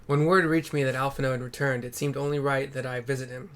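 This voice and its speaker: A man's voice: mid-range voice, little pitch movement, quick pace, a bit bright, close to an everyday voice. A man reading a solemn, formal nobleman. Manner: formal archaic speech, stumbles on hard words.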